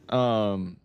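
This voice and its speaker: A man's voice: fairly low pitch, clear, resonant tone, lo-fi sound. A young man from the United States, chatting casually while streaming a game, laid-back and swearing freely. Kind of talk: casual livestream chat while gaming.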